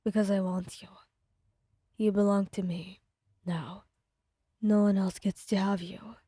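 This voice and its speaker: A woman voicing a possessive young male stalker in a whispered role-play, speaking low and threatening. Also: fairly even intonation, measured pace, warm tone, breathy edge, no echo, studio quality. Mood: menacing.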